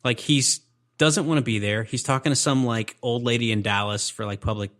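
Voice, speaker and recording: A man's voice: mid-range voice, steady tone, brisk, a bit bright. A man co-hosting a movie podcast, talking casually and rambling, with lots of "like" and "dude". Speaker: podcast co-host. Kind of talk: casual chat.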